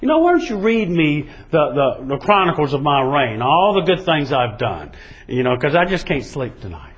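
A man's voice: a little high, sing-song, moderate pace, lo-fi sound. A man retelling a Bible story and voicing a boastful king in an offhand, chatty way. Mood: casual. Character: drunk boastful male Persian king.

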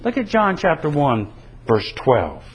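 A man's voice: fairly high pitch, huge pitch swings, measured pace, husky, lo-fi sound. A man preaching a sermon in an earnest, emphatic way, his delivery rising and falling. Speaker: pastor.

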